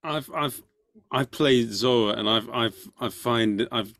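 A man's voice: mid-range voice, slow, fairly bright tone, dry recording, studio quality. A male interviewer asking questions in a casual chat, often stammering and repeating words at the start.

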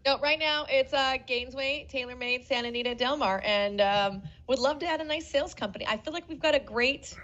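A woman co-hosting a casual podcast, talking briskly and informatively. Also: sits high, a bit bright, highs cut off. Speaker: podcast co-host. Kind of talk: casual chat.

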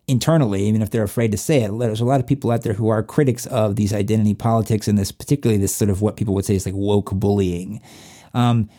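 Rambling man, dark mellow voice. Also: mid-range voice. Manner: rambling, restarts often, swears casually. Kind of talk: casual chat.

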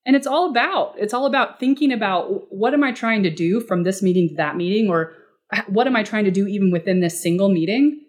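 A woman speaking as a guest expert in a podcast interview, casual and animated, often acting out short quoted exchanges. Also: mid-range voice, fairly quick. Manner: animated, acts out client dialogue in quoted voices; casual, uses fillers like "like" and "you know".

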